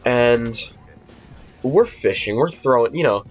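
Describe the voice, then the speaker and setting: Speaking slowly in a medium-pitched voice with lively intonation, a teen vlogger spins a rambling, profane story full of fillers and restarts. The recording is lo-fi and dull, with faint music.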